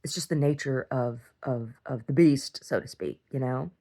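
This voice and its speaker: A woman's voice: very deep voice, moderate pace, dark tone. A middle-aged woman talking casually in a video diary, blunt and swearing freely as she rambles from one complaint to the next. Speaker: video diarist.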